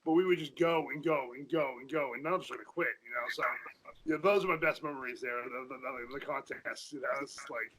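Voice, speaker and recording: A former powerlifter guesting on a podcast, talking in a casual, profane rush full of restarts. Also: male voice, mid-range voice, fairly bright tone, a little hiss or hum, poor audio. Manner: fast, profane, repeats himself in restarts. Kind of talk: casual chat.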